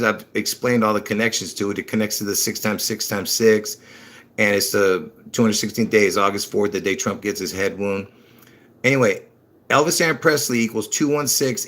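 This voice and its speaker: A man hosting his own livestream rambles through religious talk in a fairly low voice, slightly slurred from dentures. He repeats himself, bursts into excited emphasis, and chuckles at his own slips.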